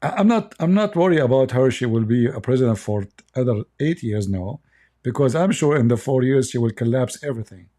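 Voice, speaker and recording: A man's voice: medium pitch, expressive, brisk, dark tone. A middle-aged man with an Arabic accent hosting a livestream, blunt, mocking and emphatic in his commentary. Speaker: livestream host.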